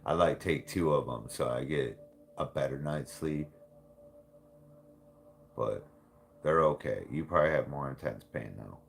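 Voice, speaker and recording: A man's voice: rumbling low, measured pace, gravelly, pauses often, soft background music. A man hosting a casual talk stream, speaking bluntly with frequent swearing and laughter. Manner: blunt and profane, laughs often. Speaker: livestream host. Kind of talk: casual chat.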